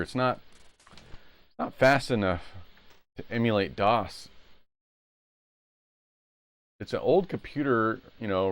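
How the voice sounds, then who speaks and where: A man's voice: on the low side, smooth, no echo. A man live-streaming retro games, chatting casually and rambling as he plays at home. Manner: rambling, self-correcting.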